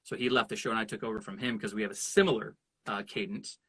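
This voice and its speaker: A man being interviewed as a voice actor, telling stories in an animated way and now and then slipping into character voices. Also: on the low side, quick pace, slightly rough. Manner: animated storyteller who slips into voices. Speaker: voice actor guest. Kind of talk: casual interview chat.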